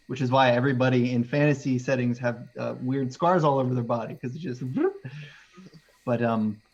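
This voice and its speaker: A man narrating a tabletop game as its game master. He talks in a relaxed, rambling way with asides, at a middle pitch. The sound is dull and lo-fi. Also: normal speed.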